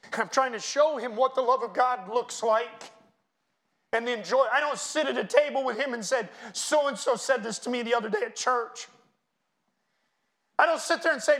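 Middle-aged male pastor, high voice, preaching in church with big swings between quiet and loud. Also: normal speed. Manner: preaching with swings from hushed to loud, chanting hymn lines. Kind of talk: sermon.

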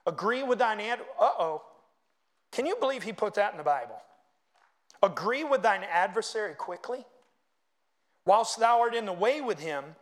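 A man preaching a sermon, reading scripture aloud and making animated asides to the congregation. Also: high-pitched. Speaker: pastor.

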